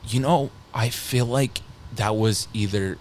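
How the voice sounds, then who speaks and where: Guy in his 30s on a podcast, kinda low voice, rambles and restarts a lot, swears here and there. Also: a little hiss or hum. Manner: rambling, halting, with frequent restarts and casual swearing. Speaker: podcast guest, scare actor. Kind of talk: casual storytelling on a podcast.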